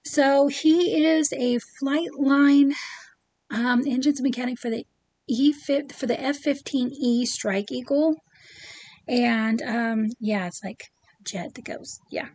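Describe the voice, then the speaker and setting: A woman's voice: sits high, fairly even intonation, takes it slowly, a little mellow, no echo. A middle-aged woman chatting casually to camera about her pin collection, with many ums and asides.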